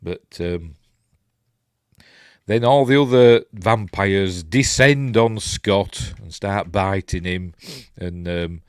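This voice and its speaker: A Yorkshire man talks his way through a film scene by scene, in a rambling and hesitant way, full of ums and restarts. His voice sits fairly low, and it is recorded close and dry with no room sound. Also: slow, clear, resonant tone, dry recording. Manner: rambling, hesitant, many ums and self-corrections. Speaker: film reviewer. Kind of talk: casual film recap while watching.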